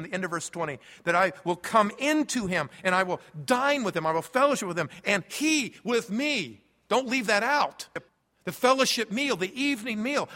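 A man preaching a sermon as a pastor, swinging between loud emphasis and quiet, low asides. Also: big-room sound.

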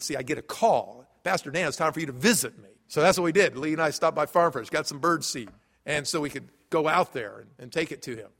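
A man pastor preaching a sermon, earnest, stumbling into quick restarts as he tells a story. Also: on the high side, a bit bright. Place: large church sanctuary. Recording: long hall reverb.

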